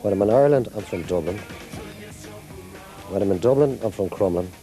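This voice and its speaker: A man's voice: on the low side, animated, fairly quick, mellow, soft background music. A man telling anecdotes in an interview. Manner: anecdotal, reflective.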